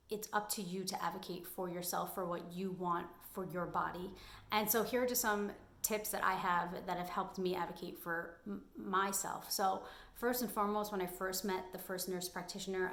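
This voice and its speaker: A woman's voice: lowish voice, a bit bright, reverberant. A young adult woman giving candid, emphatic advice in a personal vlog. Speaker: vlogger.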